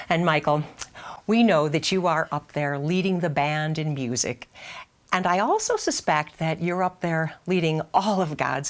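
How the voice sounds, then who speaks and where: A woman, a TV news anchor, giving a scripted tribute in a measured newscaster delivery. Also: lowish voice, a bit bright.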